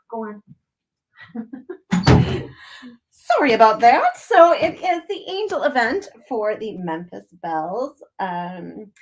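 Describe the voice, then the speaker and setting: A chatty woman hosting a craft stream from her home craft room, talking to the camera as she works. She giggles easily and greets her viewers one by one by name. Her voice has an everyday, middle pitch and comes through a computer mic. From Wisconsin. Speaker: craft livestream host. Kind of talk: casual livestream chat while crafting.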